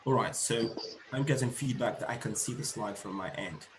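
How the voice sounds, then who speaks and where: A man's voice: on the low side, moderate pace, background noise. Man lecturing on a call, echoey. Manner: explanatory, repeats and rephrases points, frequent fillers. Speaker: teacher trainer presenting a webinar. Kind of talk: online seminar lecture.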